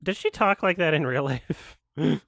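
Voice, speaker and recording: A man's voice: a little high, moderate pace, gravelly, no echo, studio quality. A man chatting casually while streaming a watch-along, rambling and swearing, and saying he is sick. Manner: rambling, swearing, laughs loudly.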